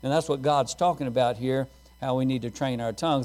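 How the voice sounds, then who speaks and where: A man's voice: mid-range voice, brisk, darkish tone. A middle-aged man preaching a sermon, telling folksy stories and laughing at his own jokes.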